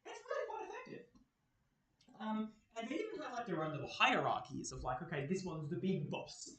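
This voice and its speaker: This young adult Australian presenter speaks in a high, sing-song voice that runs a little fast and sounds fairly bright. He rambles through a casual university workshop lecture, leaning on plenty of fillers, while the distant mic picks up a roomy echo.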